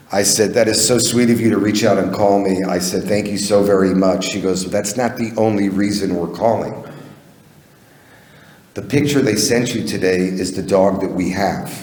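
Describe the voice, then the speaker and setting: A man with a somewhat low voice tells a personal story to an audience, conversational and unhurried. He acts out the people in his tale as he goes. The sound carries the long, roomy reverb of an event hall. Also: a little mellow. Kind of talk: live personal storytelling on stage.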